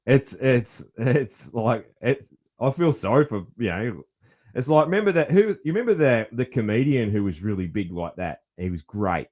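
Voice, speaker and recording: A man's voice: mid-range voice, animated, moderate pace, darkish tone. A middle-aged Australian man hosting a podcast, chatting casually and swearing freely. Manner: laid-back, swears often, says man a lot. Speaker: podcast host. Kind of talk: casual chat.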